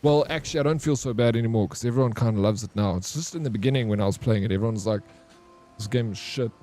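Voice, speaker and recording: A man's voice: medium pitch, rapid-fire, dark tone, soft background music. Chatty, laid-back man streaming a game. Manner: chatty, swears casually, calls viewers bro; reacts to chat messages. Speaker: gaming streamer. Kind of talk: casual gaming commentary.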